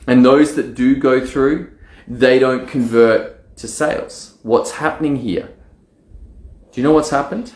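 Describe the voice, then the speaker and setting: A man coaching on online marketing, talking straight to camera in a casual, animated way and acting out his own excited inner voice. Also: mid-range voice, reverberant. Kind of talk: casual direct-to-camera talk.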